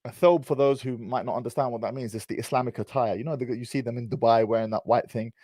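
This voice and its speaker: A man's voice: mid-range voice, steady tone, fast, mellow, dry recording. A man in his thirties with an English accent, telling a personal story in a casual, teasing, slang-heavy way. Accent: British, English. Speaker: vlogger.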